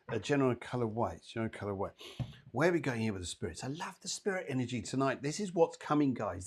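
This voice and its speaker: Guy doing live psychic readings, upbeat, chats to viewers by name, mid pitch. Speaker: psychic medium and show host.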